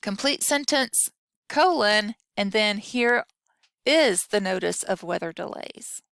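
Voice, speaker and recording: Slow, gravelly-voiced woman teaching grammar. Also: mid-range voice, expressive, fairly bright tone, no room sound, clean studio sound. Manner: patient, explanatory, talks through examples aloud. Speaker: instructor. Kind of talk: recorded grammar lesson.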